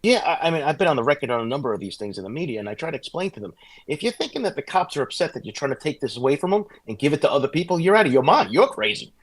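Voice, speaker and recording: A middle-aged man, a former police sergeant telling animated stories as a guest on a casual podcast. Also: fairly high pitch, breathy edge. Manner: fast, animated anecdotes with restarts.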